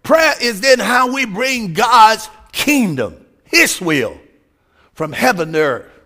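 A man preaching a fervent sermon, shouting his points and calling out hallelujahs. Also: high voice, big pitch swings, slow.

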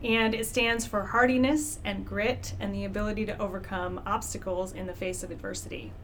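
Young woman, podcast guest, mid pitch, earnest storytelling, faint background noise. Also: steady tone, fairly quick, fairly bright tone. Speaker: podcast guest, physical therapy business founder. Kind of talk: casual interview storytelling.

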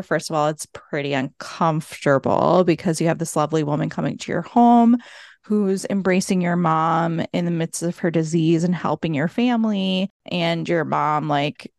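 A woman's voice: lowish voice, no room sound, studio quality. A woman hosting a podcast interview, asking the guest open, empathetic questions. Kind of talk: conversational interview.

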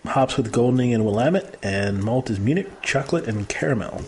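A man's voice: medium pitch, expressive, normal speed, darkish tone. A man hosting a casual beer tasting chat, joking and describing flavors and brewery facts. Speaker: host.

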